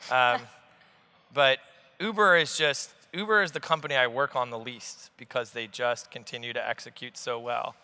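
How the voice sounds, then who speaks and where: A man in his forties, an investor telling stories in an animated, blunt way on a conference stage, swearing freely. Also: medium pitch, normal speed, clear, resonant tone. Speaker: investor guest. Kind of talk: on-stage conversation. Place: large conference hall stage. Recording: long hall reverb.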